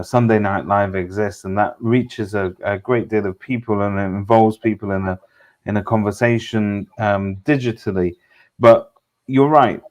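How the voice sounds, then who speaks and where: A man co-hosting a reflective discussion, speaking in a measured, thoughtful way with small hesitations. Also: lowish voice, a little mellow.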